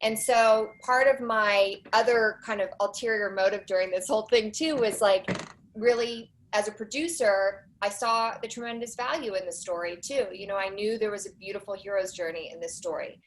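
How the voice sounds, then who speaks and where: A woman in her forties, a documentary producer, chatting as a guest on a podcast with animated storytelling and quick asides. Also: medium pitch, slight background noise, low-quality recording. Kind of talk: casual interview chat.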